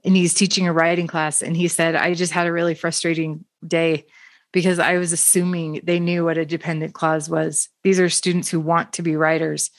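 A woman's voice: sits low, level tone, a little fast, no room sound, studio quality. A woman hosting a panel discussion on teaching, telling classroom stories in an enthusiastic, affirming way. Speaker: podcast host and educator.

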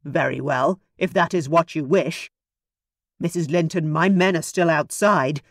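A woman's voice: deep voice, a little slow, no echo, studio quality. A woman voicing a leering, scheming male country squire who menaces the heroine with a smug tone. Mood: threatening.

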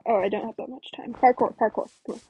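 Young woman, gaming commentary, erratic, sudden yells, fairly high voice, noisy recording. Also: steady tone, racing. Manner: chaotic, erratic, bursts into yells. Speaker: gaming YouTuber. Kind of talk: gameplay commentary.

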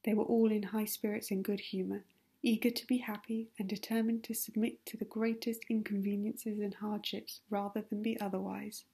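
A woman reading a classic novel aloud as calm, soothing ASMR narration. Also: mid-range voice, normal speed, vocal fry, breathy edge. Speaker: audiobook reader.

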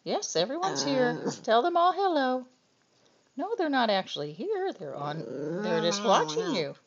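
A woman coaxing her pet dog in sing-song baby talk, swinging from loud to hushed, on a dull lo-fi home video. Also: sits high, sing-song, measured pace. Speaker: dog owner.

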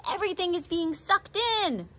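A woman voicing an excited cartoonish dad who is a pizza chef, in a high squeaky voice during a picture book read-aloud. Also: normal speed, no room sound, exaggerated voice. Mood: alarmed.

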